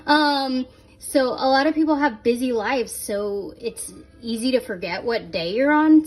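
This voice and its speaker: A woman's voice: fairly high pitch, a little hiss or hum. A woman talking casually to her phone camera at home in a chatty, giggly, self-mocking way. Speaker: vlogger.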